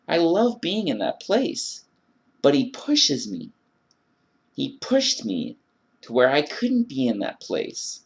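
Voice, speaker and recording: Man, earnest and emphatic, monologue rant on faith, mid-pitched voice. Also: wildly swooping pitch, slow pace, creaky. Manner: earnest, emphatic, with quoted inner prayers. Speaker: video blogger.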